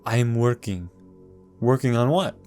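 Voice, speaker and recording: A man's voice: medium pitch, expressive, normal speed, darkish tone, soft background music. A man casually commenting on a video game walkthrough, reading the game's text aloud and adding dry jokes.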